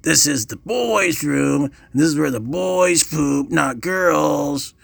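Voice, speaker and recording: A man voicing a big, menacing schoolyard bully who yells threats and demands in a retold comic story. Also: medium pitch, brisk, gravelly, slightly rough, no echo, full character voice.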